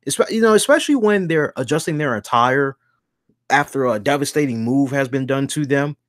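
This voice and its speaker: Animated man hosting a wrestling review. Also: on the high side, normal speed, no room sound, clean studio sound. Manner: animated, acts out quoted voices. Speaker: host of a wrestling review show. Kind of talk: casual chat, show review.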